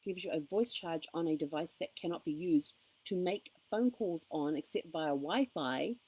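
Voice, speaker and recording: Woman vlogger, low and husky, animated storyteller who quotes both sides of a conversation. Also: normal speed, dry recording, rough recording. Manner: animated retelling with quoted dialogue. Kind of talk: casual storytelling vlog. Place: campground.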